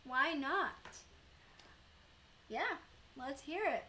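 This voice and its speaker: Young female streamer, casual chatty delivery with fillers, unhurried pace, bright tone. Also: sits high, animated, slight background noise. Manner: chatty, rambling, many fillers and laughs. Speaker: live streamer. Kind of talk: casual chat with live chat viewers.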